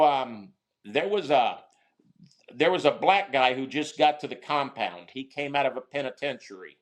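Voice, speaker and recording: Rambling middle-aged man telling stories. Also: mid-range voice. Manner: rambling, halting, many restarts and fillers. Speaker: guest, former prisoner. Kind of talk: casual storytelling interview.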